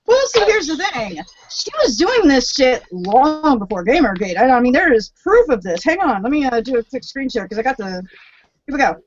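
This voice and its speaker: A woman with a high voice talks bluntly in casual chat, swearing freely. Her voice comes through a muffled line. A faint hiss and clicks sit underneath. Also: sing-song, normal speed.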